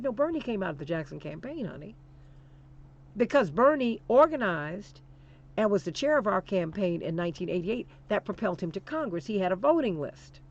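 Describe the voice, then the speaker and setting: Impassioned woman talk host, lo-fi sound. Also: mid-range voice. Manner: emphatic, preacher-like repetition, addresses listener as "honey". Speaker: radio talk show host.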